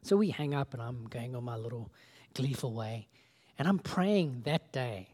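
A man's voice: mid-range voice, animated, normal speed, mellow. A man preaching a sermon, telling a story in a casual, conversational way and acting out the dialogue. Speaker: pastor.

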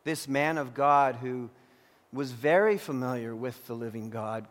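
A man preaching a sermon as pastor, crying out in anguished prayer and then teaching calmly. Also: medium pitch, unhurried. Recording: long hall reverb.

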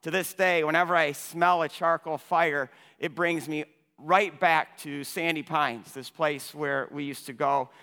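A man preaching a sermon with passion, stumbling over repeated words as he starts phrases and swinging between loud and hushed. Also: fairly high pitch, steady tone, a little slow, clean tone. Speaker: pastor. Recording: long hall reverb.

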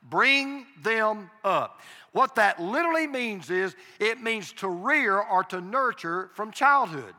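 A man's voice: high voice, lively intonation, unhurried, hardly any pauses, bright, forceful tone. Earnest older man preaching in a reverberant hall. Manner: earnest, confessional storytelling with emphatic repetition. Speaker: pastor. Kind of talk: sermon. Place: church sanctuary.

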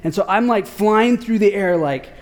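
A man preaching a casual sermon, telling a story in an animated, slangy way with lots of filler words. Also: high voice, moderate pace. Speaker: pastor.

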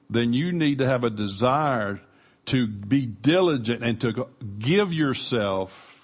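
Slow-spoken male pastor preaching. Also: mid-range voice, slightly rough. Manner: earnest, emphatic with measured pauses. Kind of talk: sermon.

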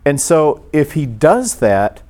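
A man's voice: on the high side, very animated, takes it slowly, dark tone. A middle-aged man preaching a sermon in a conversational, storytelling manner, often restarting his sentences. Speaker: pastor.

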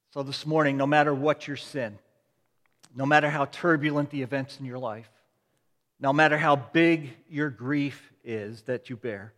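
A pastor preaches in a slightly high voice, building his lines into repeated refrains and strong swells of emphasis. His words ring out with the long reverb of a large church sanctuary. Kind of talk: sermon.

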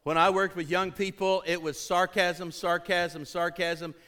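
A man preaching a sermon to his congregation, emphatic, rising to urgent peaks and dropping low, calling out for responses. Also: level tone, measured pace, pushed and bright. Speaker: pastor.

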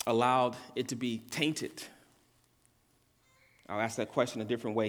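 Preaching man in a reverberant hall. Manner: earnest preaching, repeats key words for emphasis; builds in pitch and volume on climaxes. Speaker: pastor. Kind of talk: sermon.

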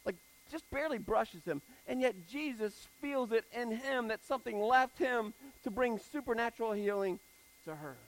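A man preaching a sermon in a casual, animated style, repeating phrases for emphasis. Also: extremely high pitch, moderate pace, low-quality recording.

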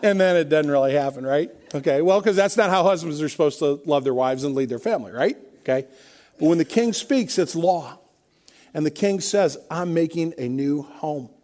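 A man preaching a sermon, his voice sitting notably high for a man. He talks in a conversational, emphatic way, stacking repeated refrains as he builds his points. He sounds middle-aged. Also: animated, fairly quick, darkish tone. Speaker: pastor.

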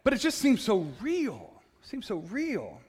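A man giving a personal faith testimony, an animated storyteller who laughs at himself and trips over repeated words, passionate and loud by his own account. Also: very high-pitched, unhurried, slightly rough.

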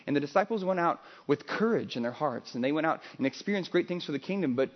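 Animated male preacher, dull recording. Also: on the high side, fast talker. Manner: conversational, animated storytelling with restarts. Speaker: pastor. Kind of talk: sermon.

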